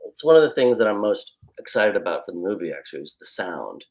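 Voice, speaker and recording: A man's voice: sits low, big pitch swings, fast talker, a little mellow. A man talking as a guest author in casual chat, thinking aloud with frequent restarts.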